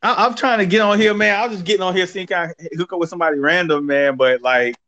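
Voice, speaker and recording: A man in casual chat, talking in an animated, profane street manner. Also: high-pitched, quick pace. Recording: dull lo-fi audio.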